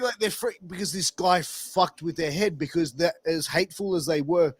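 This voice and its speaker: A man hosting a casual interview, telling stories in an animated way and swearing freely. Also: a little high, moderate pace, husky, dry recording. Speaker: podcast host.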